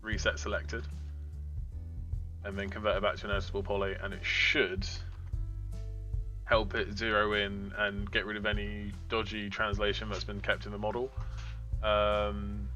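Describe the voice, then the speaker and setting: A man's voice: lowish voice, little pitch movement, a little slow, long pauses, pushed and bright, lo-fi sound, soft background music. A man co-hosting a modding stream, explaining steps in casual, rambling talk full of fillers while he works. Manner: rambling, filler-heavy, distracted. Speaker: co-host of a train game modding stream. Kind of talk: casual tutorial chat while working.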